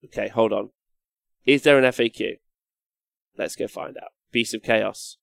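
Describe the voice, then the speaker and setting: A young man chats on a casual live stream as he paints, reading chat messages aloud and getting loudly excited. His voice has a gravelly edge. The sound is close and dry, with no room around it. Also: fairly low pitch, a little slow, no room sound. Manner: excitable, swears, reads out chat comments. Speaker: livestream host.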